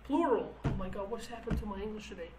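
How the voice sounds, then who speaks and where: A woman's voice: mid-range voice, steady tone, very fast, reverberant, recorded from a distance, background noise. A woman whose first language is Kurdish, explaining song lyrics word by word in English as a teacher, thinking aloud and restarting her phrases.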